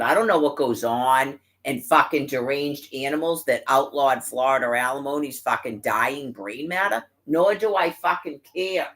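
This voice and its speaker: A woman's voice: extremely low pitch, moderate pace, few pauses, fairly bright tone. Furious cursing woman ranting. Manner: furious, cursing constantly, bitter and scornful. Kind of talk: angry profane rant to camera.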